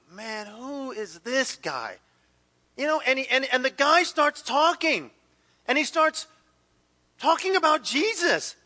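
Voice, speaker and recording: Male preacher, very high ringing voice, animated storyteller, long hall echo. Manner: animated storyteller acting out quoted voices, dropping to hushed intensity. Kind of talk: sermon with personal story.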